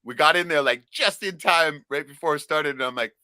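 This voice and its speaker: A man from Alaska telling a profane, rambling story in a casual podcast chat, loudly acting out his own shouts. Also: a little high, a little fast, dry recording. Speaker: podcast co-host.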